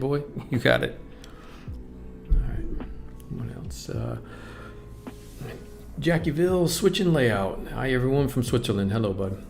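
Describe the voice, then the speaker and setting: A man's voice: mid-range voice, creaky, darkish tone. A man hosting a live stream, greeting viewers and reading their comments aloud in a casual, upbeat way. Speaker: livestream host.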